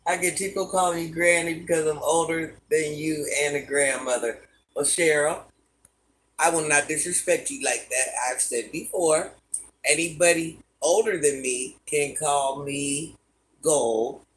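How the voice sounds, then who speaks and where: Hosting a livestream from her home, a woman in her fifties reads out viewer comments and replies to every one with easy, relaxed chat. Her low-pitched voice holds a steady tone and moves a little slowly.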